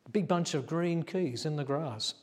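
A pastor whose voice sits on the high side relates a story in his sermon at a normal pace. He's talkative, dramatizes the quotes, and laughs at his own expense, all within a long church reverb.

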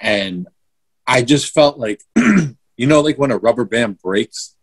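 A man's voice: mid-range voice, expressive, slow, creaky, husky. A young man telling a story in casual chat, swearing freely and replaying events step by step. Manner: swears a lot, vivid play-by-play retelling.

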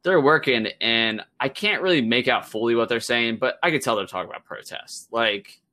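A young man with a bright, forceful voice, co-hosting a casual podcast. He tells his story loosely and with animation, drops swear words, and acts out the lines of the people he met. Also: medium pitch, moderate pace. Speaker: podcast co-host.

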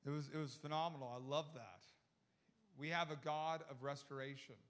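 The high-voiced young preacher narrates a story during his sermon with lively energy. His quotes of others come in quick bursts, he repeats words along the way, and he alternates between excited, loud passages and whispered asides.

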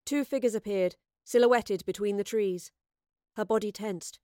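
A woman narrating an adventure story in a measured, expressive storytelling voice. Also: mid-range voice, no room sound, studio quality. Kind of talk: audiobook narration.

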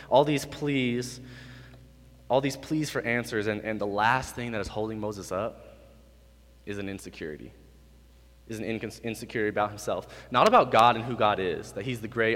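A man in his twenties preaching a sermon to a live room, animated, moving between quiet, low remarks and loud, high bursts. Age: 20s. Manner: animated, swings from quiet to loud and high when acting out God's lines. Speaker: youth pastor. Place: hall with an audience. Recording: reverberant hall.

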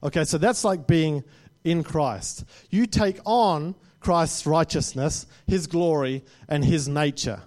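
A man's voice: on the high side, slow, a little mellow. A man preaching a sermon to a congregation, speaking conversationally and often checking in with "right?".

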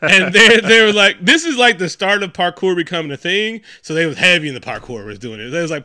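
Bright, laughing man riffing on a movie. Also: high-pitched, fast talker, hardly any pauses, no room sound, studio quality. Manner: rambling, laughing, profane, acts out characters. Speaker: podcast co-host. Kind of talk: casual movie review chat.

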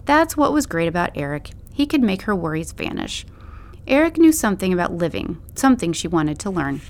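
A woman narrating a story as an audiobook in a steady, measured way. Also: fairly low pitch.

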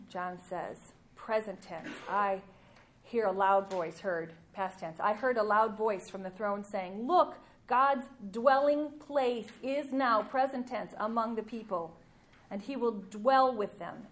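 A woman giving a sermon, reading scripture aloud with emphatic rises and pauses, ending in prayer. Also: medium pitch, slight background noise. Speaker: preacher.

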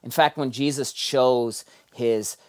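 Male pastor, sermon delivery, animated storyteller moving between hushed and loud. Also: medium pitch, slow pace.

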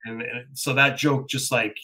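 Man, screenwriter telling a relaxed anecdote. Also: medium pitch, moderate pace, slight background noise, poor audio. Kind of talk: casual interview chat.

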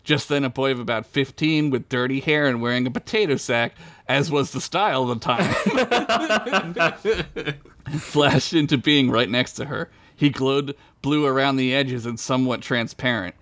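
A man's voice: mid-range voice, fairly even intonation, moderate pace, a bit bright, no room sound. A man hosting and reading an irreverent comic story, often laughing and correcting himself mid-sentence. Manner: laughing, rambling, self-correcting. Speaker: host and storyteller.

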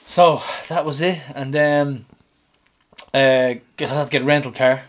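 A man, co-hosting a podcast and animatedly retelling his week, swearing and shouting out the lines he quotes. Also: medium pitch, steady tone, unhurried, slight background noise. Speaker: podcast co-host. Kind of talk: casual storytelling chat.

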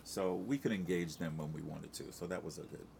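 Very deep-voiced chatty man. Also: a little fast, creaky, darkish tone, slight background noise. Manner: chatty, rambling with many restarts and fillers. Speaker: Broadway actor, guest. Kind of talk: casual interview chat.

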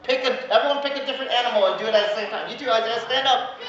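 A woman pastor giving a lively, playful sermon to the congregation in a church. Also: a little high, rapid-fire, crowd noise. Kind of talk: sermon with children's activity. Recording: echoey, dull church sound.

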